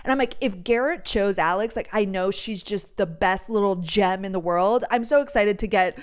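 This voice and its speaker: A woman's voice: medium pitch, normal speed, smooth. A young woman, hosting a podcast and chatting casually through a rambling storytime. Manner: bubbly, chatty, rambling with lots of "like". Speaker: podcast host.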